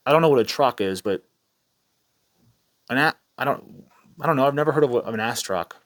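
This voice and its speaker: A man's voice: medium pitch, animated, fairly quick, pauses often, fairly bright tone, soft background music. A man ranting in a heated, sarcastic commentary vlog, swearing freely. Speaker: commentary channel host.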